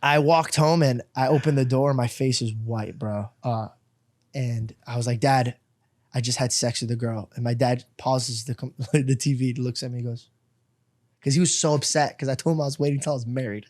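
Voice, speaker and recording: A young man, a comedian guest on a podcast, telling a story in animated casual slang, often laughing. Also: mid-range voice, moderate pace.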